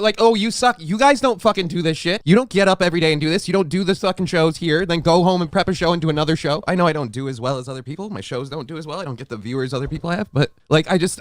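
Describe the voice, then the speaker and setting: A worn-out young man rants with heavy swearing as a stream's co-host. His voice sits high and the words tumble out fast. The sound is dry and close, with no room around it. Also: dry recording. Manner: ranting, heavy swearing, frustrated. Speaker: co-host of a live streamed show. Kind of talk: angry venting on a live stream.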